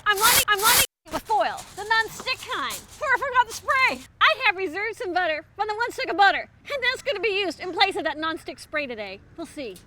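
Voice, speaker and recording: A woman's voice: very high voice, very animated, brisk, hardly any pauses, background noise. A woman hosting a comedic cooking show, talking in a theatrical, melodramatic way that swings into rants. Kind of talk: mock-dramatic comedy cooking monologue.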